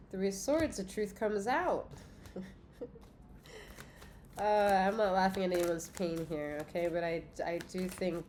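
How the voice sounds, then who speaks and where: A woman's voice: lowish voice, background noise. A congested woman giving a casual, profane tarot reading to her viewers, giggling between cards. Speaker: tarot reader.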